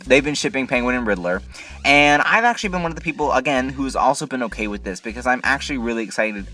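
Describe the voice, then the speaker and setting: Male vlog reviewer, bright edgy voice, lively exasperated rant, soft music underneath. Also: mid-range voice. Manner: exasperated, incredulous complaining with many rhetorical questions. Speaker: TV episode reviewer, channel host. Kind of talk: casual ranting review.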